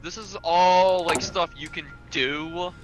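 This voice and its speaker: A man's voice: high voice, fairly even intonation, takes it slowly, music in the background, rough recording. A man in casual gaming chat, patiently explaining a strategy game to his friend.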